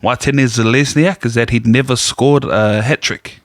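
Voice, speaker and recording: This man speaks at a middling pitch, rambling through casual stories and giving other people's lines in his own plain voice. The sound is dry and close, with no room around him. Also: steady tone, moderate pace, no room sound. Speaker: podcast co-host. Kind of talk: casual chat.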